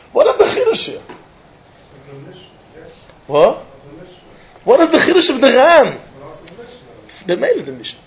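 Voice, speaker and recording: A man giving a Talmud lecture, animated, firing rhetorical questions and chuckling often. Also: very high voice, a little slow, pauses often. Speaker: Talmud teacher. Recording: dull lo-fi recording.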